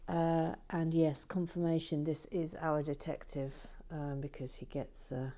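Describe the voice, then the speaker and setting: A woman with a lowish voice gives soft-spoken building commentary and drifts between quiet talk and whispers. She speaks very slowly and unhurriedly, with playful little asides. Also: steady tone. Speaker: Lego build channel host.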